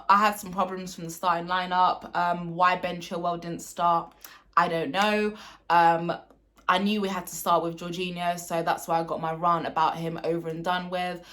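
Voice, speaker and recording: A woman's voice: on the low side, a bit bright. A woman giving an unscripted post-match reaction as a fan, ranting in frustration with many ums and repeated phrases, upset and close to tears.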